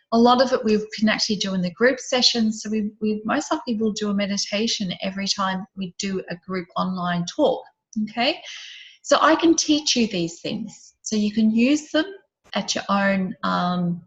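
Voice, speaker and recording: A woman leading an online group session, guiding listeners through a visualization with gentle questions that often drop soft and quiet. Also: medium pitch, highs cut off. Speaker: program facilitator.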